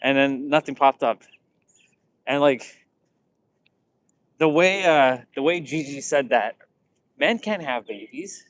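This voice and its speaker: A male vlogger rambles through casual stories, restarting sentences and performing quoted lines. His mid-range voice is expressive and unhurried, with long pauses, and the recording is rough.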